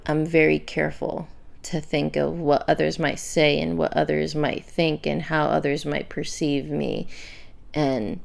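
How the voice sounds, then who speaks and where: A young adult woman hosting a faith-based podcast, talking candidly and emotionally, often halting and repeating words. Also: low voice, vocal fry. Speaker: podcast host.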